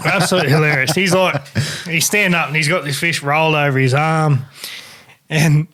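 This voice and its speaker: Excitable Australian man telling a fishing yarn. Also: on the high side, moderate pace. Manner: animated, swears freely, laughs while telling. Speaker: podcast host. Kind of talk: casual storytelling chat.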